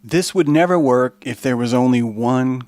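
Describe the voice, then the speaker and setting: A man hosting a podcast, giving an animated, profane, rambling monologue. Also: mid-range voice, normal speed, dry recording. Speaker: podcast host.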